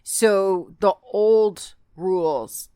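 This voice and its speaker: A woman's voice: mid-range voice, drawn-out words, warm tone, clear, resonant tone, dry recording, clean studio sound. A woman co-hosting a casual true-crime podcast, earnest and thoughtful, often repeating words as she starts a sentence. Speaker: podcast co-host.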